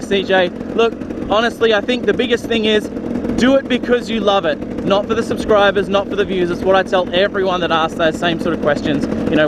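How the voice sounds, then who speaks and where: A young Australian man answering viewer questions for his motorcycle vlog, relaxed and chatty, recorded outdoors on an action camera. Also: high-pitched. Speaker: motorcycle vlogger. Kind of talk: casual Q&A vlog. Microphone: action camera onboard mic. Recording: loud wind and road noise on a camera mic.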